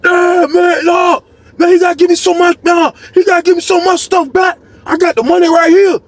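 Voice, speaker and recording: A man putting on a yelling, high-strung young hothead. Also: level tone, a little fast. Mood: furious. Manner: shouting, worked up, out of breath.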